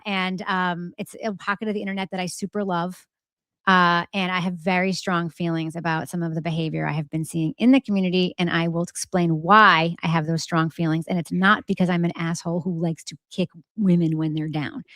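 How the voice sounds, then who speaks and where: Lady cohost chatting earnest and blunt, lowish voice, no room echo. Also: a bit bright, clean studio sound. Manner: earnest and emphatic, swears freely. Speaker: podcast co-host. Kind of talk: casual chat.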